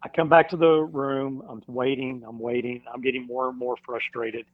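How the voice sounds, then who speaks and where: Man telling a story with halting restarts. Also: medium pitch, little pitch movement, no echo. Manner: halting, with many fillers and restarts. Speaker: podcast guest; firefighter. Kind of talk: storytelling in a casual interview. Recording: dull dry recording.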